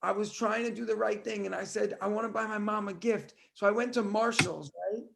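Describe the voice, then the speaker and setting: A man's voice: high voice, steady tone, a little fast, gravelly, background noise. A man co-hosting a casual comedy podcast, talking hesitantly and trailing off with fillers. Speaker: co-host.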